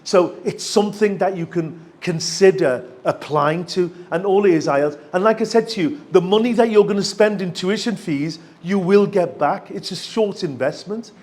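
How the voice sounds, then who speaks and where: A man from Sylhet with a Sylheti accent, a university lecturer giving a lively, chatty workshop talk to students and often checking they follow. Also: high-pitched, normal speed, few pauses. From Bangladesh, Sylhet region. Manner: chatty and enthusiastic, asks for agreement often.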